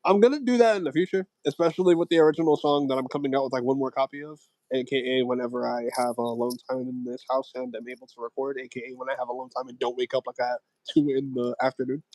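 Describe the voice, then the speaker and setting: A man's voice: mid-range voice, steady tone, fast talker, few pauses, a little mellow, dry recording, low-quality recording. A young man hosting a casual livestream, rambling with lots of fillers and slang. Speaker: livestream host. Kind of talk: casual chat.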